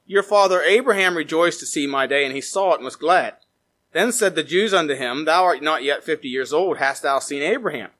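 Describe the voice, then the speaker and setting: A male pastor preaches a sermon, reading scripture aloud as he swings between emphatic rises and quiet, low drops.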